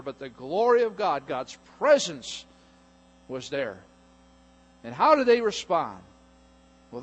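A middle-aged man preaching a sermon as pastor, animated and jokey, sometimes acting out voices. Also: fairly high pitch, breathy edge. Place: church sanctuary.

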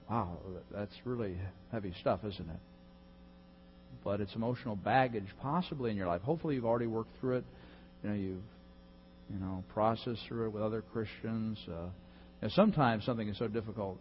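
A man's voice: medium pitch, big-room sound, highs cut off, a little hiss or hum. A man preaching a conversational sermon as pastor, chatty and joking with many fillers and asides.

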